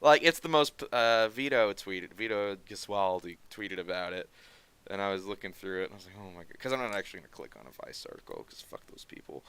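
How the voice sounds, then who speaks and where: A man chatting casually on a stream, sarcastic and animated, laughing often as he talks. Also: fairly low pitch, a little fast, a little hiss or hum.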